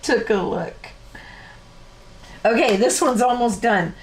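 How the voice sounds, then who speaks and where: A woman's voice: on the high side, slow pace, a little hiss or hum. A woman hosting a live card-making tutorial, chatting casually and rambling with easy laughs. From Canada. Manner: rambling, self-interrupting, laughs easily.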